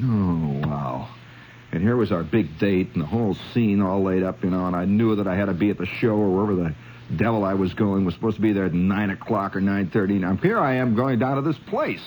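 A man from Indiana telling a long story, animated and chuckling, with frequent asides to the listener. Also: lowish voice, a little fast, slight background noise, rough recording. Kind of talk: spoken storytelling monologue.

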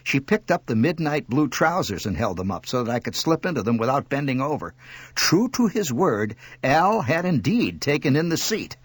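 A man reading a humorous story with wry, expressive narration. His pitch swings widely and his voice has a husky grain. The sound is dry and close to the mic. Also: normal speed, no echo. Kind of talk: scripted narration.

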